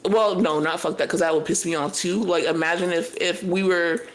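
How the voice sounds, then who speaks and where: A young woman co-hosting a podcast, recapping a reality show in casual chat, animated and profane, telling the story in bursts. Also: on the low side, moderate pace, low-quality recording. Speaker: podcast co-host.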